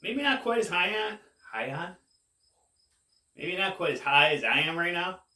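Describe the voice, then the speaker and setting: A man casually rambling to camera as a cannabis vlogger, laid-back and drawn-out, saying "man" a lot, high while he talks. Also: very animated, bright, forceful tone, roomy sound, far from the mic. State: high, getting more stoned.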